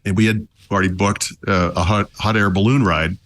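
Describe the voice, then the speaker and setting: A man's voice: lowish voice, steady tone, a little fast, noisy background. A man talking casually as a tech podcast commentator, wry and chatty, with many fillers and restarts.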